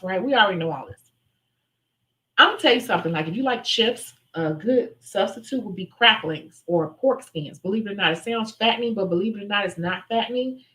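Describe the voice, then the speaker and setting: A woman's voice: mid-range voice, a bit bright, rough recording. Chatty woman hosting a live Q&A. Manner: candid, chatty, mimics voices when retelling stories. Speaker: livestream host answering viewer questions. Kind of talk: casual live chat.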